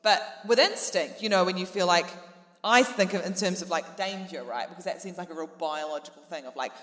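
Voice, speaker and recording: A woman's voice: on the low side, brisk, fairly bright tone. A woman, a comedian guest, talking in rambling, self-deprecating bursts on a live panel. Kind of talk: live podcast panel chat. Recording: roomy hall reverb.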